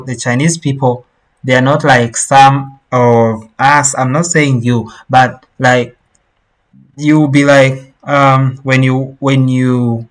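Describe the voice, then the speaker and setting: Slow, patient teacher. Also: medium pitch, poor audio. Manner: explains slowly, repeats words for learners. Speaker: Mandarin teacher. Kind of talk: online language lesson.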